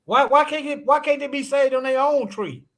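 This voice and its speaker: A man co-hosting an online talk show, speaking haltingly with many repeated words and frequent laughs. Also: extremely high pitch, a bit bright. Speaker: podcast co-host. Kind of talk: casual religious discussion.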